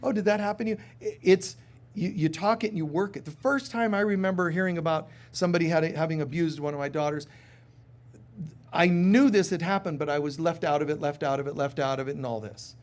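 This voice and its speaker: A man giving a live sermon in a casual, humorous way, who acts out little voices and drops to soft, quiet tones on serious points. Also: on the high side, brisk. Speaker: spiritual teacher.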